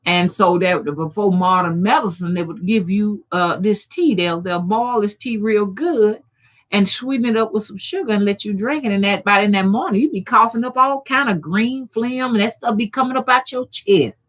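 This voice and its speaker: A woman's voice: medium pitch, moderate pace. Folksy, cussing woman streaming live. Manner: loud, folksy and profane, greets viewers by name. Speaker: rootworker and channel host. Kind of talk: casual livestream chat.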